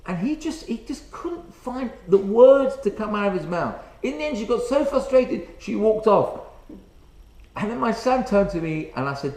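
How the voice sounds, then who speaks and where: A middle-aged rabbi tells a story as part of a sermon, often pausing on fillers. His voice sits high and swings widely in pitch. The sound carries a roomy echo. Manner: animated, halting storyteller with many fillers.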